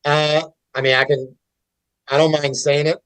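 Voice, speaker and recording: A man's voice: a little high, little pitch movement, normal speed, a bit bright, smooth, no room sound, poor audio. A man in casual podcast conversation, talking candidly with restarts and swearing. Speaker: podcast guest. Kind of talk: casual chat.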